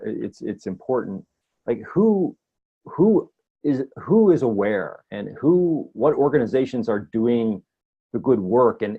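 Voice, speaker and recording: A man's voice: mid-range voice, darkish tone. Man host asking winding questions, lo-fi. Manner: long, winding questions with restarts. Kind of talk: interview questions. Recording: dull lo-fi audio.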